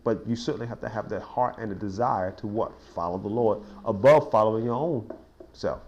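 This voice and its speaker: A man's voice: fairly low pitch, fairly quick, dull audio, slight background noise. Folksy man teaching a Bible study. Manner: informal, folksy, builds to excited sports stories; frequent restarts and you-knows. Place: small cafe.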